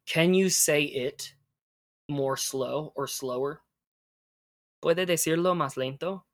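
A man's voice: fairly high pitch, fairly bright tone, no echo. Patient man teaching phrases, close and dry. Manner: patient, explains and models phrases slowly. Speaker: Spanish teacher. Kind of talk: teaching conversational Spanish.

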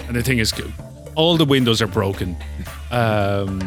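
A man playing a tabletop game, describing the scene haltingly with jokes. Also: fairly low pitch, lively intonation, faint music behind. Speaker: player.

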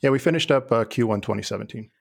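A man being interviewed, talking in a relaxed, thoughtful way with many fillers and restarts. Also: mid-range voice, racing, vocal fry, breathy edge. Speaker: guest, former IT leader. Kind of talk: conversational interview.

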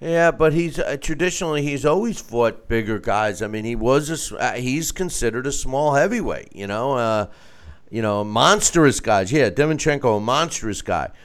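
Male co-host, resonant and animated, conversational and questioning. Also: medium pitch, moderate pace, clean tone. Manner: conversational, questioning, stammering restarts. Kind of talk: casual sports discussion.

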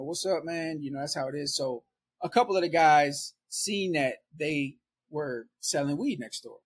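A man from Milwaukee telling a story in casual street slang, animated and often laughing. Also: on the high side. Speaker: storyteller guest.

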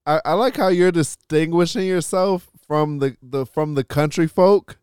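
Man, casual teasing chat, dry jokes, smooth voice, dry close sound. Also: a little high, moderate pace, darkish tone, no room sound.

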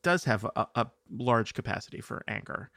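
A tired man hosting a podcast, talking in a rambling, halting, self-deprecating way over a call. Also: medium pitch, expressive, gravelly, bright, forceful tone, no echo, clean studio sound. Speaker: podcast host and producer. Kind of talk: casual conversation over a call.

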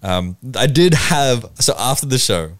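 Man chatting on a podcast, dry close sound, rambling animated storyteller. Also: medium pitch, measured pace, dry recording. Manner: animated storyteller who acts out quotes, rambling with restarts. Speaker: podcast host, stand-up comedian. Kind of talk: casual chat.

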